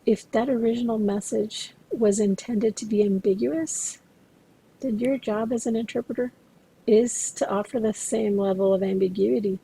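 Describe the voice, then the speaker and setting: A woman instructor giving a recorded lecture to interpreting students, explaining in a measured way and speaking to them directly. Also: a little high, steady tone, creaky, warm tone, breathy edge, low-quality recording.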